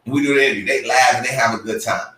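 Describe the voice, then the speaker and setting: A man co-hosting a podcast, telling a story with lively acted-out quotes and sudden jumps in pitch. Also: rapid-fire, recorded from a distance. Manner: excitable, acts out quotes with big pitch jumps. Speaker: podcast co-host. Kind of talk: animated storytelling. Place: room at a live podcast show. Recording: roomy, from off the mic.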